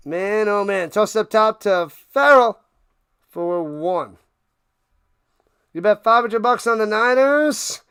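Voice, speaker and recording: Guy doing play-by-play on his stream, high voice, kinda gravelly but clear, goofy hype, close dry mic. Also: lively intonation, takes it slowly, long pauses, fairly bright tone, no room sound. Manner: playful, hyped, talks to chat, sings and riffs. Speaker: live stream play-by-play host. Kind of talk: casual live play-by-play commentary.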